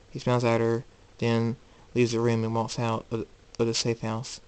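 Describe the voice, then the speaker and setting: A man narrating his own fan story aloud, halting and repeating words. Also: mid-range voice, monotone, darkish tone, clean tone. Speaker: hobby storyteller.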